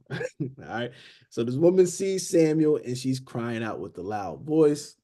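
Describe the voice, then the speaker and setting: An unhurried man with a mid-range voice teaches Bible study in a chatty sermon style. He breaks in to perform the characters with animation, and "beloved" and "okay?" come up again and again.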